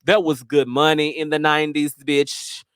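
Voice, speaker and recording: A man's voice: on the high side, level tone, normal speed, a bit bright, clear, resonant tone, no echo, clean studio sound. Brash, sassy male storyteller. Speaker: host. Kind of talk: casual storytelling.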